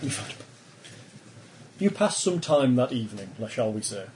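Game master, man, mid-pitched voice, descriptive narration, relaxed, faint hum behind. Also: normal speed, low-quality recording. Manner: descriptive narration with easy laughter. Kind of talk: narrating a tabletop horror game.

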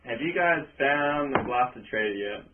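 A man's voice: medium pitch, lively intonation, a little slow, background noise. Inquisitive man on a tinny call. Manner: curious, asks pointed questions. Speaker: player. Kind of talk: casual chat at a game table.

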